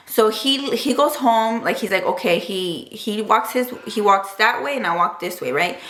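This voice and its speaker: A woman's voice: mid-range voice, moderate pace, hardly any pauses, fairly bright tone. A young woman casually telling a personal story to camera, chatty and emotional, full of "like" and "dude". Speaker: vlogger. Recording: roomy echo.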